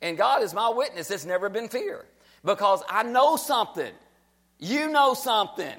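Male pastor, high voice, emphatic sermon delivery. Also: big pitch swings, normal speed, a bit bright. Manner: emphatic, repetitive exhortation.

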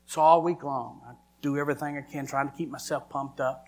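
A man preaches a personal testimony in a middle-range voice. He moves from hushed, whispered lines to loud, pressing ones. A faint hum runs in the background. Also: mid-range voice, fairly even intonation, brisk, gravelly, few pauses. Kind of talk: emotional sermon testimony.

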